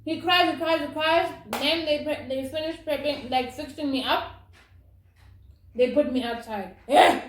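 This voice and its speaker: High-voiced woman vlogging. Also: unhurried. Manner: animated, dramatic retelling. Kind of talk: casual storytime. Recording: roomy with faint noise.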